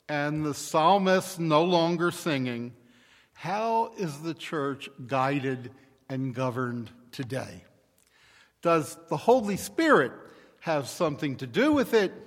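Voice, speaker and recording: A male pastor preaching a sermon in a deliberate, measured way. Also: a little high, long reverb tail.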